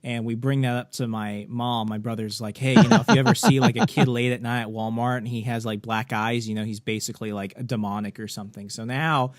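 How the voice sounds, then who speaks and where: A man's voice: on the low side, flat delivery, a little fast, hardly any pauses, no echo. Chatty man rambling in a dry recording. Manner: chatty, rambling, lots of "like" and "you know". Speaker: podcast host. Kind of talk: casual chat.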